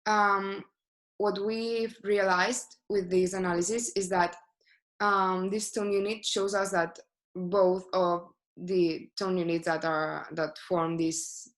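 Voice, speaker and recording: A woman's voice: lowish voice, fairly bright tone. A woman giving a class presentation as a student, speaking hesitantly with many filler sounds.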